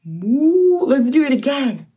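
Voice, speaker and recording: A young woman hosting a toddler read-along lesson, speaking slowly and playfully and imitating farm animal sounds. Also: high-pitched, big pitch swings, noisy background. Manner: slow, sing-song, exaggerated for toddlers, imitates animal sounds. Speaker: children's show host.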